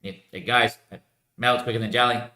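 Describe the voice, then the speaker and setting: A man's voice: mid-range voice, steady tone, brisk, sharp tone. A man rambling in casual livestream chat, slangy and swearing often, calling everyone mate, recorded on a laptop mic at home. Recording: echoey room.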